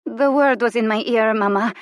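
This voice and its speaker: Woman voicing a high tremulous young girl. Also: normal speed, no echo, studio quality, lightly acted. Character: sullen startled young gypsy girl.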